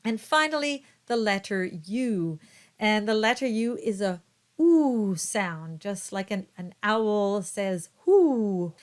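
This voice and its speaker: Woman, choir diction teacher, unhurried pace, careful vowel demonstrations, mid-pitched voice. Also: expressive. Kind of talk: instructional explanation with sung-like example words.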